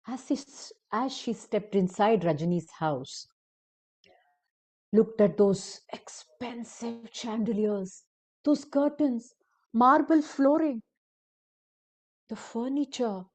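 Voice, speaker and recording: A woman storyteller narrating a story for adults in a deliberate, expressive way. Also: a little high.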